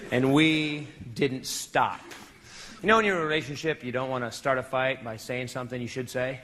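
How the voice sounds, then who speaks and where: A man's voice: mid-range voice, quick pace. A male stand-up comedian telling a story on a club stage, acting out scenes in a noisy live club recording. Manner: animated, acts out scenes with shifting voices.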